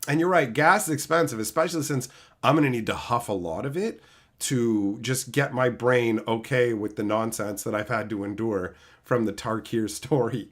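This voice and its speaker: A man's voice: mid-range voice, a little slow. A man in his thirties, live-streaming and chatting with viewers by name, ranting with lots of profanity. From Canada. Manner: animated, profane ranting, answering chat by name.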